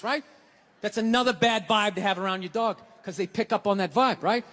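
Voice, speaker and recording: A man's voice: very high voice, a little fast, a bit bright. A man doing a stand-up routine on stage, ranting in a profane, exasperated way. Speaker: stand-up comedian. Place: large live venue. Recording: live hall with audience.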